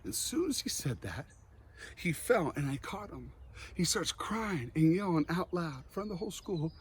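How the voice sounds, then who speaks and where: A man giving an emotional motivational speech, earnest, with dramatic pauses and a slight stutter. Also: fairly high pitch, very animated, husky. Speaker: motivational speaker.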